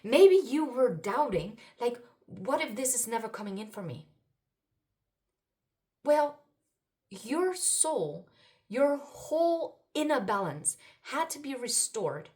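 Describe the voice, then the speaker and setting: Excitable woman reading spiritual cards. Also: fairly high pitch, slow pace. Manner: excitable, exclaiming, swings between murmuring and loud. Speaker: spiritual card reader. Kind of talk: intuitive card reading to viewers.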